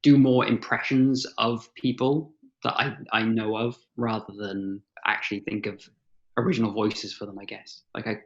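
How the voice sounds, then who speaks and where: A man's voice: fairly low pitch, little pitch movement, normal speed, lo-fi sound. A man talking hesitantly as a guest on a casual podcast chat, often stammering and laughing shyly. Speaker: podcast guest, dungeon master.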